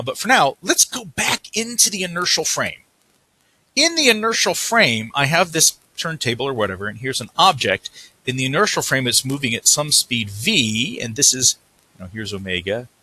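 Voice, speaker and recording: A man's husky, bright-edged voice explains a physics problem step by step, as in a recorded lecture. He thinks aloud as he writes, stops to correct slips and moves on. His delivery is casual and easy. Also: mid-range voice. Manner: thinking aloud, self-correcting while writing.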